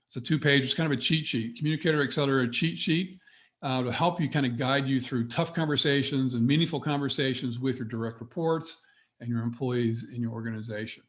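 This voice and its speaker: A middle-aged man coaching business owners on a webinar, talking straight to his audience in an energetic, motivational way. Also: mid-range voice, a little fast. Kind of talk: webinar presentation.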